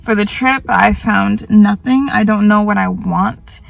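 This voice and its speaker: In a grocery store, a young woman rambles through a laid-back confessional vlog, weary and self-mocking, quoting others in exaggerated voices. She speaks a little slowly in a gravelly, medium-pitched voice, and the recording has no echo.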